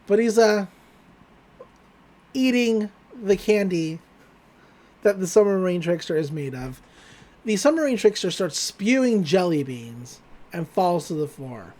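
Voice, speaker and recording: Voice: mid-range voice, lively intonation, measured pace, pauses often, a little mellow. Chatty podcast host recapping a cartoon. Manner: loose and chatty, with swearing and frequent laughs. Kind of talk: casual cartoon episode recap.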